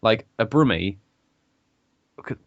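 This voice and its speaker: A man's voice: on the low side, expressive, takes it slowly, dry recording. A young man from England co-hosting a podcast, rambling casually, swearing and laughing a lot. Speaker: podcast co-host. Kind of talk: casual chat. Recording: dry, muffled lo-fi audio.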